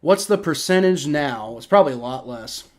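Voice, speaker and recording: A man from Ohio with a Southern accent, giving excitable, rambling live play-by-play reaction commentary on a football game and swearing when frustrated. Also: fairly high pitch, normal speed. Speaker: livestream sports reaction host.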